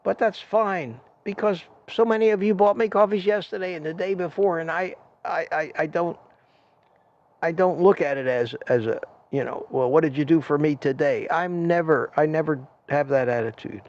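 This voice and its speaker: An older man holds forth on his own live stream, ranting freely and running himself down while thanking his viewers one by one. His voice sits a little high for a man. The stream audio sounds dull and lo-fi. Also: moderate pace, darkish tone. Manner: ranting, self-deprecating, thanks viewers by name. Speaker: livestream host. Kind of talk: rambling live-stream rant and chat.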